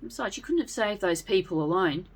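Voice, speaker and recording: A woman's voice: mid-range voice, animated, a little fast, husky. A woman voicing a loyal young male knight in a story, reassuring and pleading with his friend.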